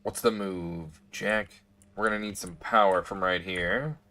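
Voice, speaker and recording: A man's voice: sits low, fairly even intonation, a little slow, pushed and bright. A man talking to himself as he plays a computer game, rambling and hiccuping now and then. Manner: rambling, self-talking, hiccuping through the session. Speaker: gaming streamer. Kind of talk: casual gameplay commentary.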